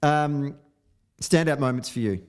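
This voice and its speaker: A man's voice: mid-range voice, measured pace, darkish tone, clean tone. A man hosting a podcast, giving a blunt, opinionated film review in casual chat, sometimes swearing. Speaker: podcast host.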